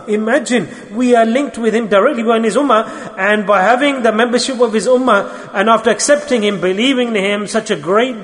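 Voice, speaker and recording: A man's voice: high-pitched, fairly bright tone. A man giving a sermon at a religious gathering, putting repeated rhetorical questions to his listeners. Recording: long hall reverb.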